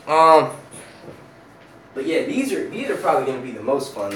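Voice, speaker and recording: A man's voice: a little high, fairly quick, background noise. A young man from Philadelphia, hosting his own channel and chatting casually, profane and rambling, laughing often. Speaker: YouTube channel host. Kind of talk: casual live stream chat.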